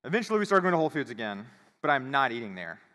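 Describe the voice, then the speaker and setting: A man giving a conference talk, telling a casual, animated story and acting out the voices of the people in it. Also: mid-range voice, racing. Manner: animated, acts out quoted voices. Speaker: conference speaker. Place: conference hall. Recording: reverberant hall.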